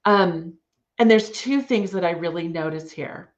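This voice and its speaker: A woman's voice: on the low side, unhurried. A woman giving a casual online writing lesson to parents, chatty and enthusiastic with frequent fillers. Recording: dull lo-fi sound.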